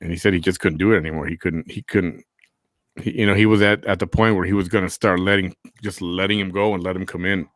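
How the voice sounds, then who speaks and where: A man's voice: low voice, steady tone, quick pace, fairly bright tone, no echo, studio quality. A man hosting a casual chat show, rambling and repeating himself. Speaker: host.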